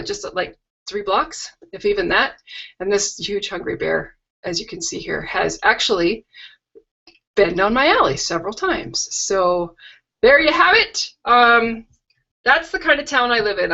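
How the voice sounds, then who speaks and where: Her voice is medium-pitched with a sharp tone as this middle-aged woman runs a live craft stream at home. She keeps it casual, touring products and chatting with homey, rambling asides. Everything is captured on a video call webcam in lo-fi call audio.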